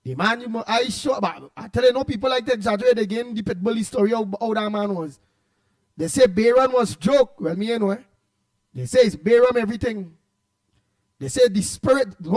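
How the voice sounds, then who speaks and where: A Trinidadian man hosting a casual morning radio show, rambling and calling out listeners' names in greeting. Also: very high-pitched. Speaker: radio host.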